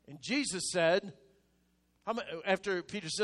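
High-voiced male preacher, emphatic. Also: moderate pace. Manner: emphatic, swings from loud declarations to soft, low asides. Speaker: pastor. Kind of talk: sermon.

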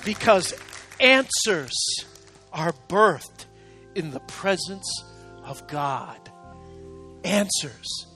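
A man preaching an emotional sermon to his congregation, urging them on and rising to shouted exhortation. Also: high voice, expressive, drawn-out words, long pauses, faint music behind. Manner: calls out to congregation, repeats "come on". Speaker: pastor. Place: church sanctuary, live service.

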